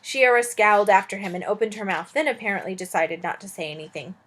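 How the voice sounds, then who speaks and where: A woman's voice: mid-range voice, fast, fairly bright tone. A woman teacher reading a children's novel aloud expressively, adding chatty asides to her listeners.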